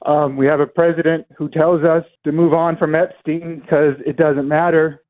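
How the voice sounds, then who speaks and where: Earnest upset guy calling a radio show, higher voice, tinny phone sound. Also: little pitch movement, moderate pace. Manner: earnest, aggrieved, hesitant. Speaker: radio caller. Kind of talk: call-in radio.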